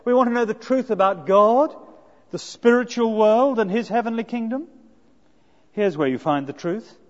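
A man with a notably high voice delivers an earnest expository sermon, leaning on rhetorical tag questions. The sound is dull and lo-fi. A long hall reverb trails after his words. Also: moderate pace. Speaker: preacher.

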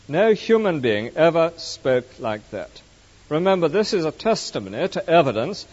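A man delivers a sermon in a measured, storytelling manner, his pitch rising and falling with lively expression. The sound is muffled and carries a long, echoing reverb from a large hall. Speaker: preacher.

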